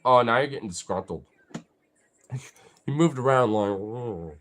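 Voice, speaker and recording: A man's voice: mid-range voice, normal speed, fairly bright tone. A young man vlogging casually, talking to his dogs in a rambling, profane way full of fillers.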